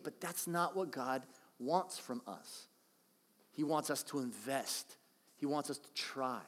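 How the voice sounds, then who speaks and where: A middle-aged man preaching a sermon in a casual, conversational way, acting out quoted lines with lively shifts of voice. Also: fairly high pitch, in a large hall. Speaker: pastor.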